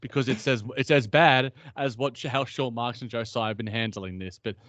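A man's voice: medium pitch, steady tone, normal speed, fairly bright tone, dry recording. A man with an Australian accent co-hosting a sports podcast in casual chat, talking in restarts and asides. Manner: chatty, many restarts and asides. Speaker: podcast co-host. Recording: dull lo-fi dry sound.

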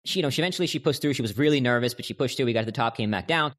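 A man speaking at a fast clip as an interview guest. He is earnest and explains his points through personal stories and quotations, with a voice in a middling register. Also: medium pitch, fairly bright tone. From United States. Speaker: podcast guest, author. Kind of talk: conversational interview.

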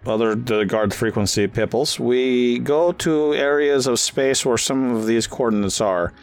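A man's voice: medium pitch, close to an everyday voice. A man doing a shifty space gun dealer. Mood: grave. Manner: broken English, halting, secretive. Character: shifty male space arms dealer, wary.

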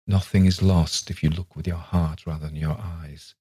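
A man voicing a kindly older retired doctor in a ghost story, talking in a soft, consoling way. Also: deep voice, steady tone, normal speed, breathy edge.

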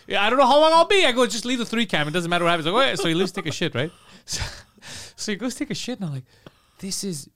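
A man hosting a casual comedy podcast who tells a long story, swearing freely and acting out what everyone said. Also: sits high. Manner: animated, swearing, acts out quotes. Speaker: podcast host.

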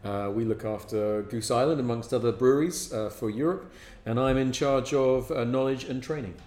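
A man's voice: medium pitch, normal speed, a little mellow. A man working in brewery training, speaking briefly and matter-of-factly as a guest on a podcast in a pub. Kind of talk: casual podcast chat. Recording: roomy pub with faint noise.

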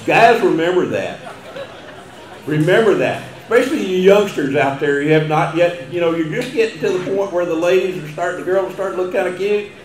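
A man's voice: high voice, expressive, fairly quick, some chatter behind. An older man with a Texan accent, giving a humorous after-dinner speech with folksy, chuckling storytelling. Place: banquet hall. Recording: echoey banquet hall.

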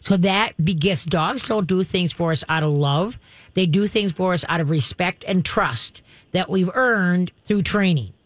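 A woman's voice: on the low side, a little slow, no room sound. Direct, chatty woman dog trainer. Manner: direct, instructive, chatty with laughs. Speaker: radio show dog trainer host. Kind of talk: advice call-in talk.

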